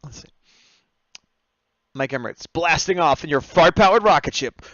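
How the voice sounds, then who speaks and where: A man's voice: a little high, expressive, normal speed, pushed and bright, no echo. A man chatting casually on a livestream, narrating his drawing as he works and talking to his viewers, over dull lo-fi audio. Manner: chatty running commentary, often laughing at his own jokes. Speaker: livestreaming artist taking drawing requests.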